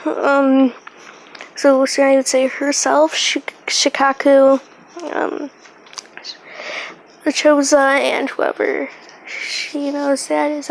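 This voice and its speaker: A woman improvising a fan-fiction story aloud, halting and rambling, with lots of fillers and self-corrections. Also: high voice, vocal fry, slight background noise, low-quality recording.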